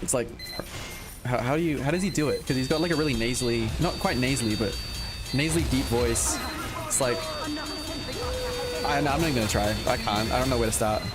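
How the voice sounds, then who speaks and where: A man's voice: mid-range voice, brisk, pauses often. A young man with an Australian accent, chatting casually and swearing while playing a game, with game music behind. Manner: sweary, laughing, rambling. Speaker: gaming YouTuber. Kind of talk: casual gaming commentary.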